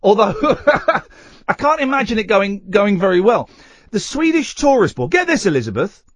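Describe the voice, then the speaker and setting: Male radio host, high and bouncy voice, dry studio sound, playful rambling chatter. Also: very animated, normal speed, no echo. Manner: rambling, self-correcting and playful. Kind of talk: casual radio talk. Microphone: studio microphone.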